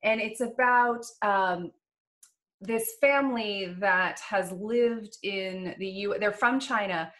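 A chatty woman host talks casually through a stack of books and laughs easily. Her voice sits at a middle pitch. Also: slow, fairly bright tone. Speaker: podcast host. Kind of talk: casual podcast chat.

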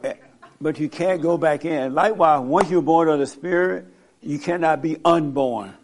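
A man's voice: a little high, normal speed. A man leading a casual church discussion, joking and pressing questions back at his listeners. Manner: joking, questioning, plain-spoken. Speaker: pastor leading a group discussion. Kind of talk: casual teaching and Q&A.

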